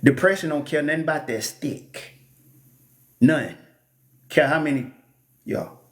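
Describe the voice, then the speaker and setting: A man's voice: on the high side, a little slow, slight background noise. A man reading the Bible aloud and commenting in a blunt, joking, preacherly way. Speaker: Bible teacher.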